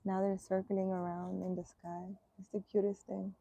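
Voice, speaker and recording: Gravelly dark-voiced woman, outdoors. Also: mid-range voice, highs cut off. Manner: answers viewer comments aloud, relaxed and unhurried. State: irritated throat, voice keeps catching. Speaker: energy healer. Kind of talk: casual live chat. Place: outdoors in the sun, birds around.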